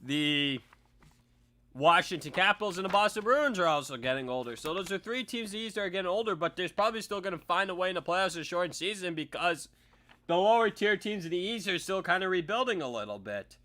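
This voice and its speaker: A man hosting a casual sports talk show, giving opinionated takes that swing into loud ranting. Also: high-pitched, animated, brisk. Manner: opinionated, ranting, often shouting.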